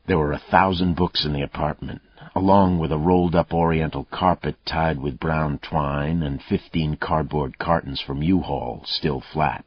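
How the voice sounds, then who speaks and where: A man narrating an audiobook in a steady, even reading voice. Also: very deep voice, moderate pace, few pauses, slightly rough, no room sound. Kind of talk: scripted narration. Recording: dull, muffled dry audio.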